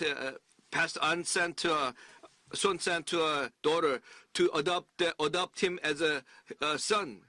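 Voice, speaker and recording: A man preaching a sermon in an earnest, emphatic way, often halting and restarting his sentences. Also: fairly high pitch, pushed and bright, dry recording. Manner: halting, with frequent restarts and fillers.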